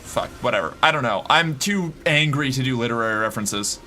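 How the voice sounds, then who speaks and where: A man's voice: medium pitch, animated, fairly quick, pushed and bright, a little hiss or hum. Exasperated man with slight Boston accent. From Massachusetts. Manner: exasperated, profane, ranting. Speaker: game streamer. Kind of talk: let's-play commentary.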